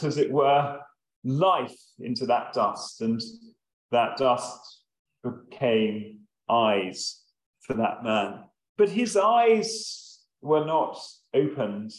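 A man preaching a sermon, reading scripture and then explaining it in a slow, measured way with long pauses and the odd um. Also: mid-range voice, reverberant, poor audio.

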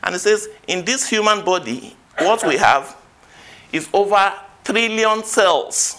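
A man's voice: high-pitched, animated, takes it slowly, pushed and bright. A man preaching a sermon, quoting scripture and rising to emphatic peaks.

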